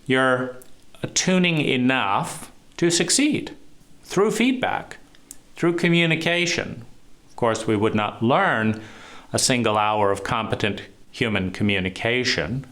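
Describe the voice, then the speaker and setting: Male speaker, mid pitch, emphatic teacher's delivery, rhetorical questions, sweeping stress. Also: animated, a little slow, a bit bright. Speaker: trauma therapist teaching. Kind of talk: recorded talk on trauma and love.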